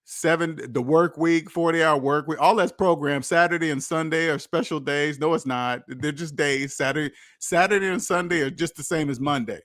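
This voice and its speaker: Speaking at normal speed with hardly a pause, this fairly high-pitched, slightly bright voice belongs to an American man in his forties. He hosts a casual debt-free finance livestream, rambling through stories and restarting often, recorded dry in studio quality.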